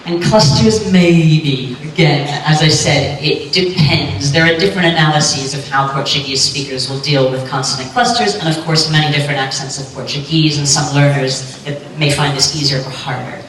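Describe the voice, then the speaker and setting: A woman giving a clear, lightly joking talk on pronunciation to a live audience at a conference. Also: low-pitched, normal speed, hardly any pauses. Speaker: conference speaker on pronunciation teaching. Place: lecture hall. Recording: echoey hall, distant mic, faint hum.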